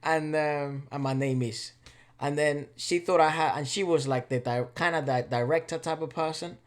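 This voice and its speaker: A young man, native in Spanish, tells stories in casual chat. He is animated and laughing, drops swear words freely, and sounds like a young adult co-host on a reaction channel. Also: on the high side, moderate pace.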